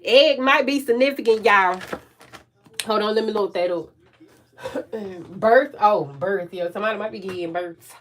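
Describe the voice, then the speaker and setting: A woman with a country Southern accent doing a live tarot reading, loud and profane, often laughing and stumbling over her words. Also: medium pitch, measured pace, long pauses, a little hiss or hum. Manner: profane, slangy, self-interrupting. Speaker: tarot reader.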